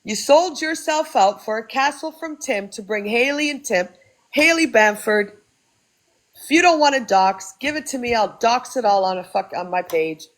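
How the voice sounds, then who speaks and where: A woman's voice: a little high, lively intonation, normal speed, low-quality recording. A Canadian woman hosting a phone livestream, ranting in an angry, profane and cutting way. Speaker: livestream host. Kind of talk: casual livestream rant.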